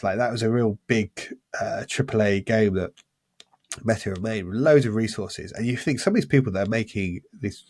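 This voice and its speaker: Man, podcast co-host, low husky voice, dry close mic, excited rambling chat. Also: no echo. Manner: enthusiastic, rambling with restarts.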